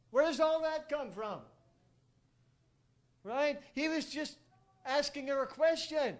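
A man giving an informal sermon, telling stories with animated rhetorical asides and frequent chuckles. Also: extremely high pitch, takes it slowly, long pauses. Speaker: preacher.

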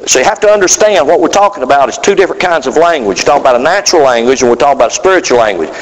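Male preacher, folksy and animated, bright lively delivery, long echo of a big hall. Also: mid-range voice, rapid-fire, dull audio. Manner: folksy, animated, acts out quoted voices. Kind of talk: sermon.

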